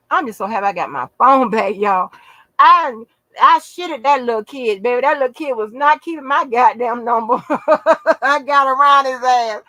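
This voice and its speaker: A woman's voice: fairly high pitch, pushed and bright, no room sound, low-quality recording. A middle-aged woman hosting her own channel, chatting casually to viewers in a brash, profane, laughing way and calling them baby and honey. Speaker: channel host.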